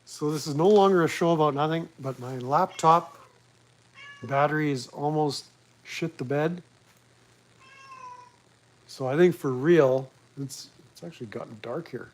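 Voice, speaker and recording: Slow-talking guy rambling on his home livestream, swears a lot, jokes at himself. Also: fairly high pitch, rough recording. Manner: rambling, crude, self-mocking. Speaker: host of a live talk stream. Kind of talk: casual chat.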